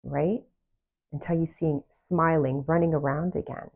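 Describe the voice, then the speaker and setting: A woman with a low voice gives casual self-love coaching straight to the listener. She talks earnestly and keeps putting direct questions to the people she is addressing. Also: steady tone, moderate pace, gravelly, a little mellow. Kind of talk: casual motivational talk to camera.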